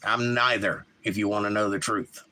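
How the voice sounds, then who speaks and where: Opinionated bright-voiced man livestreaming. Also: on the low side, flat delivery, normal speed. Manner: opinionated, reads chat aloud and talks back. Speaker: livestream host. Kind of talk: casual live-stream chat.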